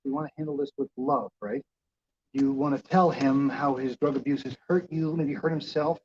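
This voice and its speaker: A man playing a calm male intervention counselor in a comedy sketch, soothing and coaxing, on a dull lo-fi recording. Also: mid-range voice, moderate pace, natural voice. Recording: dull lo-fi clip.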